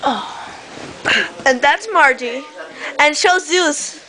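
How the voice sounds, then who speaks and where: Playful young woman behind the camera, high, lively and bright, teasing her friends on a home video. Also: slow pace, rough recording. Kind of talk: casual chat among friends. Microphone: handheld camcorder.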